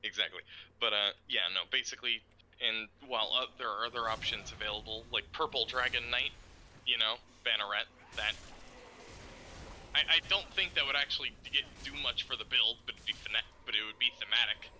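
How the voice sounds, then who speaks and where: A man streaming a game, explaining plans in a rambling, profane, excitable way. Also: mid-range voice, brisk, a little hiss or hum, rough recording. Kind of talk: casual chat while gaming.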